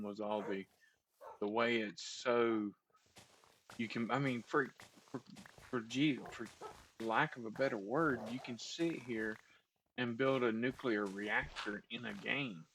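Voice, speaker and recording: A man's voice: medium pitch, measured pace, a bit bright, slight background noise. A man hosting a gameplay video, chatting casually in a hesitant, rambling way with many restarts. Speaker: gameplay host. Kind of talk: casual chat while playing.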